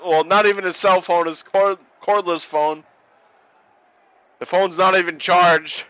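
A man co-hosting a casual watch-along podcast, joking, profane and excitable. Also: a little high, measured pace, dry recording, poor audio. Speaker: podcast co-host.

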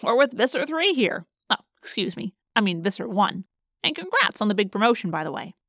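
A woman's voice: medium pitch, sing-song, a little fast, fairly bright tone, dry recording. A woman reading aloud voices a wisecracking teenage boy with a dry, sarcastic manner.

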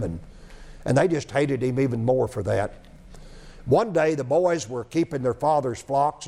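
A man's voice: mid-range voice, gravelly, mellow. A man preaching a sermon, telling a story, repeating phrases and asking rhetorical questions.

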